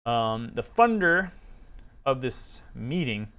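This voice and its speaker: A man's voice: medium pitch, very animated, slow, a bit bright, clear, resonant tone. Sarcastic man critiquing a paper. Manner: sarcastic, skeptical, many fillers. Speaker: commentator reviewing a research paper. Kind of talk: casual commentary, reading aloud and remarking.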